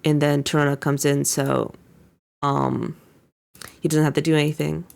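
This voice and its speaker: A young woman VTuber casually recaps an anime episode, paraphrasing the characters' lines with frequent fillers. Her low-pitched voice is level, gravelly and darkish, at a moderate pace.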